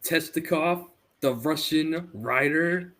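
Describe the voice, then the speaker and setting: A man's voice: fairly high pitch, slow, fairly bright tone. A man in his thirties co-hosting a casual podcast chat, telling stories animatedly and laughing often. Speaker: podcast co-host.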